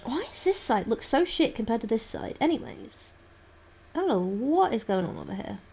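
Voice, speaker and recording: A woman's voice: on the high side, very animated, normal speed, vocal fry, darkish tone, husky. Chatty woman muttering while she paints. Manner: chatty, mutters to herself, swears casually. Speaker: livestreamer. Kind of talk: casual chat while painting.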